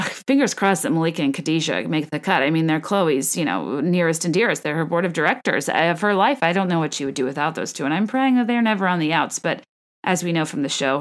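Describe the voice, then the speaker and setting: A woman hosting a solo podcast, chatting about celebrity gossip in a rambling way with many asides. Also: sits low. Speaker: podcast host.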